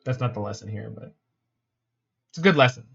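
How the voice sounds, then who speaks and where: A man's voice: medium pitch, lively intonation, brisk, vocal fry, a bit bright, slightly rough, dull audio. Wry man streaming a card game. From Canada. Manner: wry, joking, answers chat. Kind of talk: casual gameplay commentary.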